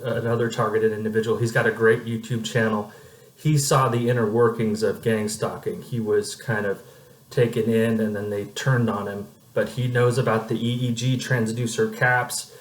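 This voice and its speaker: A man's voice: lowish voice, roomy sound, poor audio. A man in his forties from Oregon, speaking in a casual vlog monologue, rambling with frequent hesitant fillers. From Oregon, United States. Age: 40s. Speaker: vlogger.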